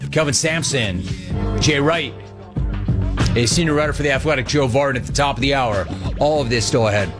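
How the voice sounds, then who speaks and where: A man's voice: mid-range voice, a little fast, pauses often, music in the background. A man hosting a sports talk radio show, giving a sarcastic and emphatic monologue.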